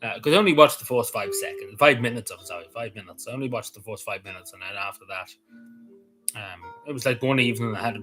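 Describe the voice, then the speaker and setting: A man's voice: fairly low pitch, fairly bright tone, poor audio. Rambling Irish man with a Cavan accent. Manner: rambling, repeats himself, answers chat messages. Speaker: livestream host. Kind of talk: casual livestream chat.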